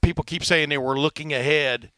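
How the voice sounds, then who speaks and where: Fast-talking Texan podcast host, bright voice. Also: male voice, fairly high pitch, fairly even intonation, clean tone, no room sound. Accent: Texas. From Texas. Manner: fast-talking with many uh fillers. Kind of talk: casual sports podcast chat.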